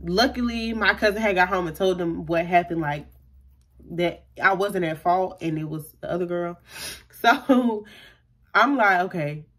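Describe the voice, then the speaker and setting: A woman's voice: on the low side, a little slow, a bit bright. A young adult woman vlogger telling a personal story in a casual, chatty way, full of fillers, acting out what people said. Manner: chatty, lots of fillers, acts out quotes.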